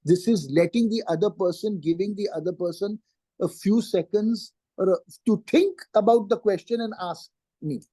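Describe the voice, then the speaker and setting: A woman giving a live lesson on communication skills, repeating key points slowly and acting out short sample dialogues. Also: mid-range voice, dark tone, no echo. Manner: acts out sample dialogues while explaining. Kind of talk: live online teaching session.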